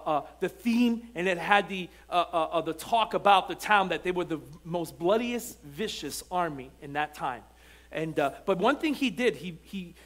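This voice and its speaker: A man's voice: high voice, fairly bright tone. A male pastor preaching a sermon in church, moving between chatty storytelling full of restarts and emphatic, repeated lines. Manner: conversational storytelling with frequent restarts. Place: church sanctuary.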